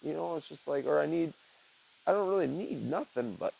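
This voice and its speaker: A man's voice: on the high side, expressive, brisk, creaky, a little mellow, slight background noise, rough recording. A young man, a podcast host, talking in a rambling, reflective way and often saying "man" and "dude". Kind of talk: casual monologue.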